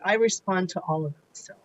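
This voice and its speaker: A woman's voice: lowish voice, muffled recording. A woman answering at a hearing over a video call, hesitant and full of fillers but good-humored. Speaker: defendant at a hearing. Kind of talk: hearing testimony.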